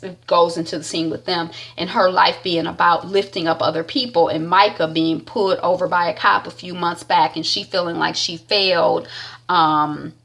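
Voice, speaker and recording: A woman's voice: lowish voice, gravelly, fairly bright tone. A woman giving a casual, chatty recap of a TV episode, often repeating herself for emphasis.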